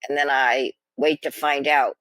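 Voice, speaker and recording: A woman's voice: very deep voice, fairly even intonation, a little slow, fairly bright tone, no echo. An older woman co-hosting a podcast in casual chat, speaking with wry, dry humor on a computer mic. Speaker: podcast co-host. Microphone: computer microphone.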